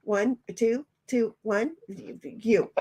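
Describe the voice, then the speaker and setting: A high-pitched woman hosts a game stream and chats casually. She rambles, laughs often and reads viewers' messages aloud with loud, bubbly greetings. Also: slow pace, breathy edge. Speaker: stream host. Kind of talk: casual chat while reading live chat aloud.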